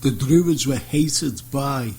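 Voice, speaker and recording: A man's voice: medium pitch, slow, darkish tone, a little hiss or hum, low-quality recording. A man hosting a radio chat show, jokey and chatty, telling his own stories. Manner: jokey, chatty, breaks in eagerly.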